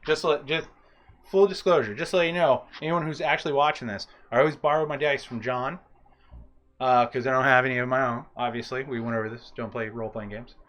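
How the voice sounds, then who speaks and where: A man playing in a tabletop role-playing game, talking in an excitable, playfully insistent way. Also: mid-range voice, a little fast. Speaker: player. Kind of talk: casual tabletop role-play chat.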